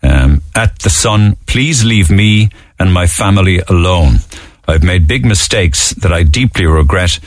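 A man's voice: low voice, animated, measured pace, no room sound, clean studio sound. A man hosting a radio show, running through the morning papers in a loose, chatty way with plenty of ums and uhs. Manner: conversational, lots of filler ums and uhs. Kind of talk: radio news roundup and chat.

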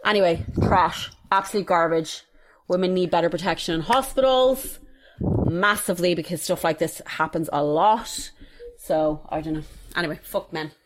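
A woman's voice: fairly low pitch, moderate pace, rough recording. An Irish woman co-hosting a podcast, chatting casually with swearing and bursts of mimicry. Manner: animated, profane, mimics voices. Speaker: podcast co-host. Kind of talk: casual chat.

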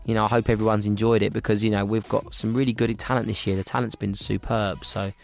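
A man chatting as a guest on a radio show, cheerful and quick to laugh, often repeating his words. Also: lowish voice, little pitch movement, creaky. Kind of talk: casual radio chat.

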